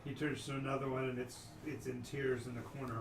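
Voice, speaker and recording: A man narrates as game master of a tabletop game, feeling his way through descriptions with repeated starts. He sits well back from the mic in a reverberant room. Steady background noise runs under his voice. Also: medium pitch. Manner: descriptive, halting with frequent restarts. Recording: echoey room, far from mic, noisy.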